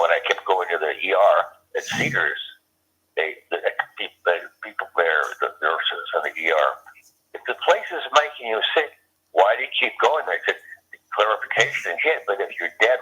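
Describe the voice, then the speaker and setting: A man's voice: low-pitched, animated, brisk, pushed and bright, husky. A man calling in as a guest, talking reflectively and meandering through his memories. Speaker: guest on a call. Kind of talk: casual chat. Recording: dull lo-fi phone line.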